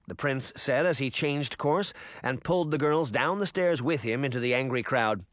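A man narrating a fantasy story as an audiobook reader, in expressive scripted narration. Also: mid-range voice, normal speed, hardly any pauses, no room sound, studio quality.

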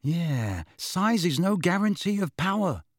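A man's voice: high-pitched, big pitch swings, measured pace, dry recording, studio quality, voice pushed up, full character voice. A man voicing an eager, mischievous teenage boy wizard in a storybook reading.

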